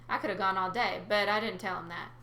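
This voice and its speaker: A woman's voice: medium pitch, steady tone, fast, sharp tone, slight background noise. A woman reading a first-person adventure story aloud, with chatty asides to her listeners. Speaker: narrator. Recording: roomy recording.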